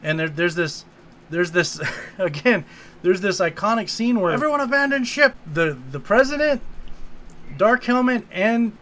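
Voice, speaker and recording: Male co-host, higher register, lively casual recapper who acts out quotes. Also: unhurried, slight background noise. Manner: animated retelling, quotes lines in put-on voices. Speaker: podcast co-host. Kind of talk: casual movie recap chat.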